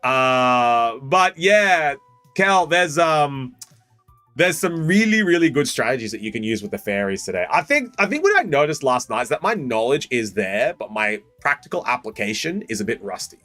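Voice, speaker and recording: Man, live-stream chat, bouncy pitch, bright tone, joking with chat, dry close mic, faint music behind. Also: normal speed, no room sound. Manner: lively, joking, talks to chat by name. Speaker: streamer opening card packs.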